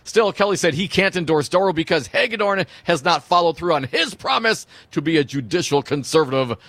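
A man co-hosting talk radio in a conversational, wry way. He reads news copy and gives his voice lively rises and falls. The sound is dry and close on a studio mic. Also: fairly high pitch, a little fast, no echo.

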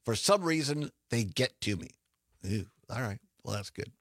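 A man's voice: mid-range voice, lively intonation, moderate pace, no echo. A man hosting a call-in radio show in a studio, chatting casually, joking and laughing often. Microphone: studio microphone.

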